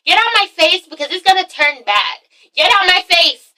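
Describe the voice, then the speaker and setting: A woman's voice: very high-pitched, expressive, normal speed, sharp tone, pitched above the performer's own voice, heavily acted. A woman voicing a brash, catty woman who talks in a mocking, sassy way, recorded a little distant from the mic. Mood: taunting.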